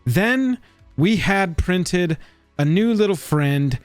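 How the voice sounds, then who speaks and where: A man co-hosting a casual chat about card prices, animated and joking in his asides. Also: sits high, takes it slowly, no room sound, faint music behind. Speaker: co-host.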